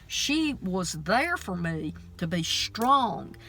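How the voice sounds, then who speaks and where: A woman's voice: on the low side, sing-song, very slow, bright, forceful tone. A middle-aged woman telling a story in a casual faith vlog, earnest and emphatic, with a preacher's fervor. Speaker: preacher and vlogger. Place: out running errands between stores.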